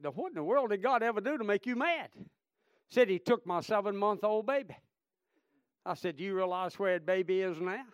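A man's voice: high-pitched, dry recording. Exuberant revival preacher, man. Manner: exuberant, swings between shouting praise and hushed storytelling. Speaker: traveling preacher. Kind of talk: revival sermon.

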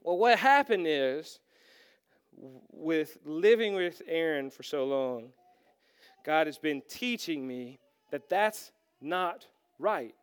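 A middle-aged man preaching a sermon as a pastor, animated and self-deprecating, acting out quoted lines as he tells stories. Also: a little high, slow pace, smooth.

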